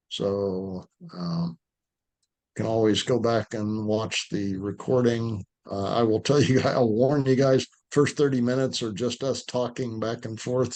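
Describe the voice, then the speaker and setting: A man answering questions in a live online dog training session, talking loosely and acting out what he says to the dog, over a video call. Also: mid-range voice. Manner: relaxed, conversational, acts out what to say to the dog.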